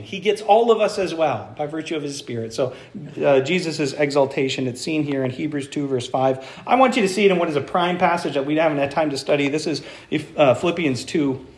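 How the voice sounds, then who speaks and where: Man, pastor, sermon, high voice, asks the congregation questions, echoey church. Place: church sanctuary. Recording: echoey room.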